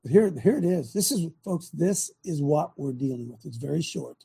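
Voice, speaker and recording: A man's voice: a little high, animated, normal speed, gravelly, dark tone, a little hiss or hum. An older man hosting a faith talk show, preaching fiercely and firing off rhetorical questions to his audience. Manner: fiery, keeps asking rhetorical questions.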